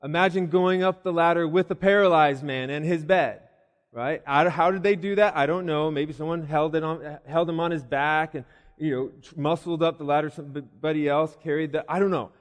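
High-voiced preacher in a church hall. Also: male voice, steady tone, moderate pace. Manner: storytelling with voiced asides and hesitant restarts. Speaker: pastor. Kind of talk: sermon. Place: church building. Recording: long reverb of a church hall.

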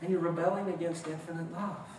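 Impassioned preacher in an echoey sanctuary. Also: male voice, a little high, fairly even intonation, quick pace. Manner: impassioned, swings from hushed to shouting; acts out mock voices of listeners. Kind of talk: sermon. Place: church sanctuary. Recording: very echoey room, far from mic, faint noise.

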